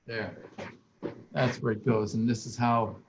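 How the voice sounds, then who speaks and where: A man's voice: mid-range voice, fairly even intonation, measured pace, slight background noise. Tearful older man telling stories. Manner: emotional, rambling, with frequent restarts. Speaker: guest speaker, landscape architect. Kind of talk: heartfelt personal storytelling.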